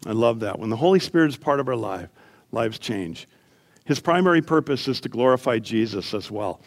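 A middle-aged man preaching a sermon as pastor, earnest, climbing to emphatic peaks and then dropping to quiet storytelling. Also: medium pitch, expressive, a little fast, gravelly.

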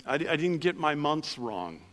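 Middle-aged pastor guy preaching, slightly high voice, funny and self-mocking, gets quiet and soft when it gets personal. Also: very animated, a little slow. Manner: storytelling with self-deprecating humor, drops soft and low for quiet moments. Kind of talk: sermon.

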